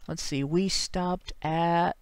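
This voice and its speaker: A man's voice: on the high side, steady tone, slow, slight background noise. A man with a Northern Ohio accent hosting a livestream talk show, reading out viewer donations with sardonic, chuckling asides. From Ohio, USA.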